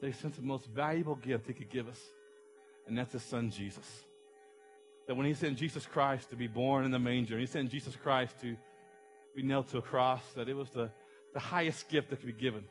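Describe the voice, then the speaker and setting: A man's voice: mid-range voice, brisk, soft background music. A middle-aged man preaching a passionate sermon as a pastor, acting out an illustration with someone from the congregation.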